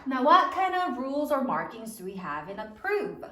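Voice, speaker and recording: A woman teacher leading a spelling lesson for children, sounding out each syllable slowly and clearly. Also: sits high, big pitch swings, a bit bright, recorded from a distance, slight background noise. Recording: roomy, from away from the mic.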